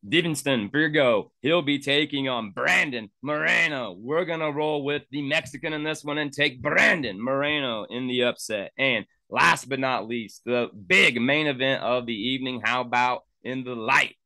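A man with a bright, forceful voice rattles off sports betting picks one after another as the show's host. He talks with brisk confidence, plugging the show between calls. The sound is close and dry, with no room around it. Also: medium pitch, gravelly, no room sound. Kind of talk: rapid-fire sports betting picks rundown.

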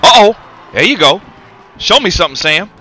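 A man's voice: high-pitched, sing-song, moderate pace, bright, forceful tone, slightly rough, soft background music, full character voice. A man voicing a cocky heavyweight boxer, commentating a game in character with taunting, rhyming trash talk. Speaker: gaming commentator.

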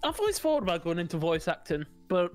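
A man co-hosting a podcast in casual chat, animated and quick to swear and joke at himself. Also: high-pitched, soft background music. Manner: animated, swearing, self-mocking. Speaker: podcast co-host. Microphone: studio mic.

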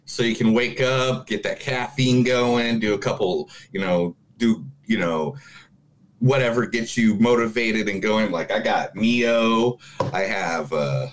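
A man's voice: fairly low pitch, a little slow, poor audio. A man hosting a movie podcast, upbeat and teasing his co-host in casual chat. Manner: hyped, teasing and boisterous.

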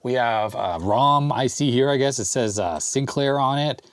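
A man hosting a retro computer repair video, thinking aloud in a relaxed way while he takes a machine apart. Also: mid-range voice, moderate pace, smooth, no room sound. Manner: thinks aloud while working, relaxed, with small fillers and laughs. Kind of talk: casual hands-on show-and-tell.

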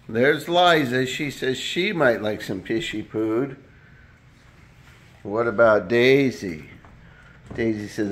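A man's voice: medium pitch, slow pace, long pauses. A man filming at home, talking to his dogs in playful, cooing baby talk and speaking their thoughts aloud. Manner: coos and voices the dogs' thoughts in silly baby talk. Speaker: dog owner filming his pets.

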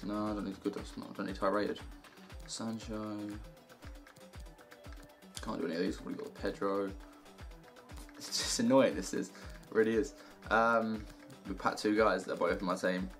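A young man giving casual commentary over gameplay, muttering to himself and cheering loudly at good results. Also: on the low side, moderate pace, pauses often, soft background music. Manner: excitable, shouts and cheers at good packs. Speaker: gaming YouTuber.

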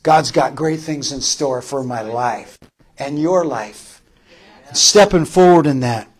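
A male pastor preaching a sermon with passion, repeating phrases for emphasis, rising to loud calls and dropping to soft, tender lines. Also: medium pitch, takes it slowly, slightly rough.

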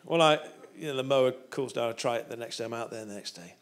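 A man's voice: medium pitch, quick pace. A man, a guest preacher telling a humorous story in a sermon.

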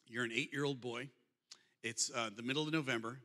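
Male speaker in his fifties, quick and bright, joking with the room, hall reverb. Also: medium pitch, fairly even intonation. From Michigan, USA. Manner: humorous, conversational, addresses the audience directly. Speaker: guest speaker. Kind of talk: storytelling talk.

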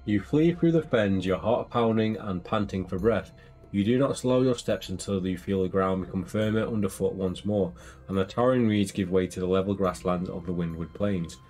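A man reading a gamebook aloud and joking dryly with his co-player, with faint music behind. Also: low-pitched. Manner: steady narration broken by dry jokes.

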